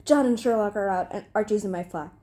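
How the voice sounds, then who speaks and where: A woman voicing a gentle, comforting lady with a Spanish accent. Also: mid-range voice, fast, natural voice.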